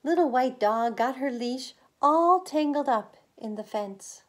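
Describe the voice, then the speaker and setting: A woman preschool teacher reading a picture book aloud to young children, slow and expressive, with lifts in pitch on some lines.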